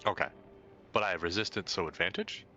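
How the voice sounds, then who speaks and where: Deep bright-voiced male player, lo-fi. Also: faint music behind. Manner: quick, swearing, checking rules. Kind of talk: casual game chat.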